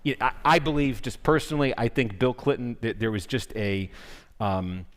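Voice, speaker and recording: An earnest man explains at length to an audience at a public forum, often breaking off and restarting his sentences. His voice sits at a middle pitch for a man. A long reverb from a large hall trails behind every phrase. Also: normal speed. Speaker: guest speaker, political correspondent.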